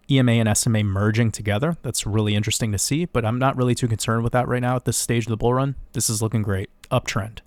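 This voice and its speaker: A man giving a casual, rambling crypto chart analysis, getting excited and swearing now and then. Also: on the low side, smooth, no echo. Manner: excitable, rambling, swears, laughs at own numbers.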